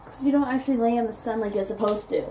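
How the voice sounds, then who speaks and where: A young woman co-hosting a vlog in relaxed, teasing casual chat. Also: on the high side, fast talker, a little hiss or hum. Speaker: vlogger.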